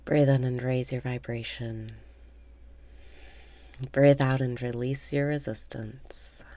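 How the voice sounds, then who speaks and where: A woman leading a guided meditation with calm breath cues, often dropping into a half whisper. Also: a bass voice, takes it slowly.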